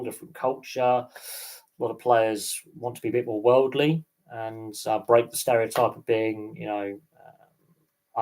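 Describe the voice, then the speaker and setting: A man's voice: medium pitch, darkish tone. A man hosting a casual livestream chat, rambling with many restarts. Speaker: host.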